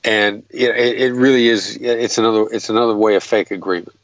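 A man's voice: on the low side, fairly even intonation, a little fast, no room sound, dull audio. Uitleggende man met een doffe, droge opname. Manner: earnest and explanatory, with frequent restarts. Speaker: guest, hostage negotiator. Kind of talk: explanatory interview talk.

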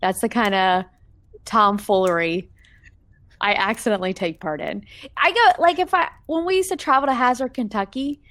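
A woman's voice: medium pitch, normal speed, dry recording. A woman co-hosting a podcast, chatting casually about a movie and acting out quotes. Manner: animated, acts out quotes, chatty. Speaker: podcast co-host.

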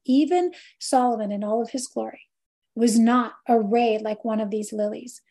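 Earnest woman with a mellow voice. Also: a little high. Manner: earnest, reflective, quotes scripture. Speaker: host. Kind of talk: faith-based wellness talk.

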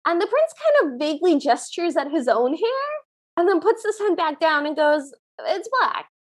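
A woman's voice: very high voice, normal speed. A woman co-hosting a podcast, retelling a movie scene by scene in casual chat and acting out the characters' lines as she goes. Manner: animated storytelling, acts out the characters' lines. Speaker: podcast co-host.

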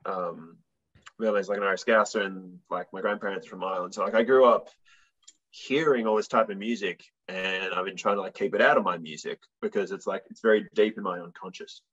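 A young man chats loosely in an interview, his speech full of likes and ums. His voice sits a little low, and the recording sounds dull and lo-fi. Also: steady tone, a little fast, a bit bright. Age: young adult. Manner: rambling, filler-heavy storytelling. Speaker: musician guest. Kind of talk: casual interview chat.

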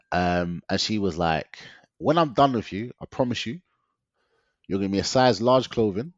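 A man's voice: low voice, no room sound. A young man, telling his story in a casual interview, slangy and often laughing. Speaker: guest. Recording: dull lo-fi dry sound.

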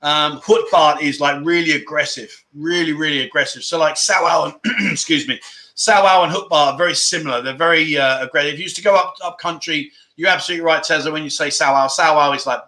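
A man hosts a casual livestream, reading viewer comments aloud and laughing often as he goes. His voice sits a bit high and sounds bright and sharp. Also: fairly quick. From England. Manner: giggly, laughs often between lines. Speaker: livestream host.

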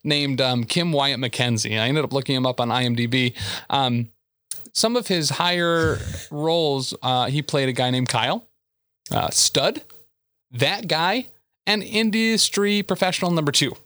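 A man's voice: mid-range voice, measured pace, fairly bright tone, dry recording. A man with an ordinary mid-range voice casually recaps an episode for a podcast. His delivery is loose and rambling, and the sound is dry and close. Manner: loose recap, many ums and uhs. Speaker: podcast co-host.

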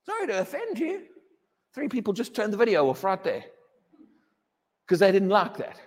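His pitch swoops wildly as this English pastor preaches at normal speed in a darkish tone. Emphatic and repetitive, he mocks a wailing believer in a high voice, the church hall adding long reverb.

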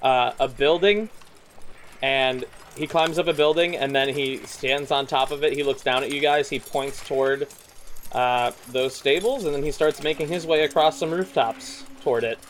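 A man's voice: medium pitch, normal speed, a little hiss or hum. A man narrating as game master, loose and chatty with many fillers.

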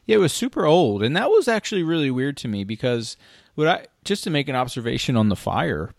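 A man's voice: mid-range voice, big pitch swings, fairly quick, vocal fry, dry recording, studio quality. A man hosting a casual talk show, talking animatedly and frankly and swearing freely. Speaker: podcast host. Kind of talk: casual hunting gear chat.

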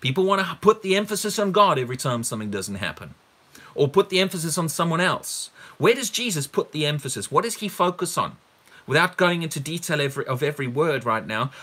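A male preacher teaching from a Bible passage in a bright, forward voice. He is emphatic, leans on repeated words, and keeps putting rhetorical questions to his listeners. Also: a little high, big pitch swings, brisk.

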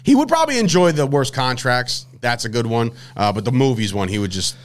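A young man hosting a casual sports podcast, rambling and animated, often breaking off mid-sentence. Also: mid-range voice, fairly quick. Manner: rambling, animated, self-interrupting. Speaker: podcast host.

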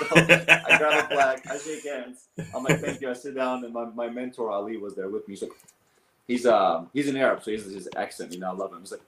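A man in his thirties, a guest on an interview show, telling stories in an animated, rambling way with many fillers. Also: mid-range voice, fairly quick, crowd noise. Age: 30s. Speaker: guest, business owner and coach. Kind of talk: casual storytelling interview. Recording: roomy echo.

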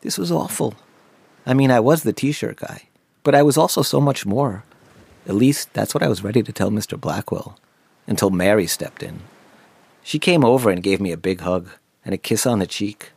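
A man's voice: lowish voice, normal speed, vocal fry, a little mellow, husky, dry recording. A man narrating his own memoir in the first person, wry and self-deprecating.

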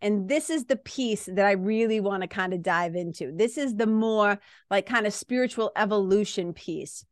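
A woman's voice: mid-range voice, normal speed, hardly any pauses, dry recording, studio quality. A woman from Massachusetts with a Boston accent, hosting a podcast in a candid, rambling casual monologue with some swearing. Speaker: podcast host.

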